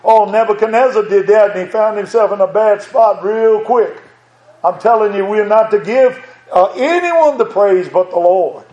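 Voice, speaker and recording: An older man preaches an earnest sermon in a fairly high voice, repeating words to drive a point home and reading scripture aloud. His voice rings through an echoey church at a normal speed, sounding a little mellow on a lo-fi recording.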